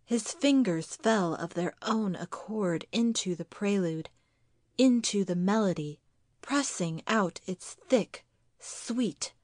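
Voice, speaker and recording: Slow, measured woman narrating a story. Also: mid-range voice, darkish tone, no echo, studio quality. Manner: measured, deliberate and atmospheric. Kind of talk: scripted narration of a literary ghost story.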